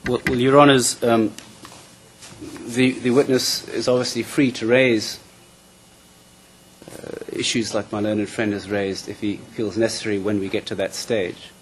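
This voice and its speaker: Male prosecutor, lowish voice, formal courtroom questioning, faint background noise. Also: level tone, a little slow. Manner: formal, repeats words as he starts. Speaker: prosecution counsel.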